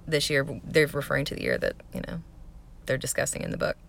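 A woman's voice: deep voice, huge pitch swings, quick pace, vocal fry, fairly bright tone. A woman with a slight Southern US accent, chatting casually in a vlog, rambling with fillers. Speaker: vlogger. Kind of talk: casual accent-tag vlog, reading aloud.

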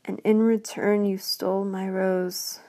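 Storybook male beast, huge and furious, growling slowly in whispered role-play, put on by a woman; dark and gravelly. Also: medium pitch, flat delivery, natural voice. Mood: angry growl. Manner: slow, growling, spitting words.

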